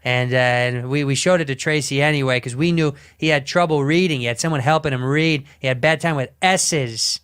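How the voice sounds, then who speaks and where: A man's voice: medium pitch, a little fast, few pauses, fairly bright tone, clear, resonant tone. A man telling a story in casual chat, rambling, swearing and cutting himself off mid-sentence. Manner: rambling, profane, self-interrupting. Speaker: podcast storyteller.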